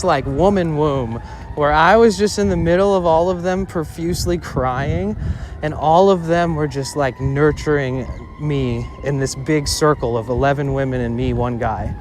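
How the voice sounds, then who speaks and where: A man's voice: on the high side, a little hiss or hum. Rambling young man telling a story. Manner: rambling, swears, fills with "like". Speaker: IRL streamer. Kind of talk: casual storytelling. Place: outdoors on a city street.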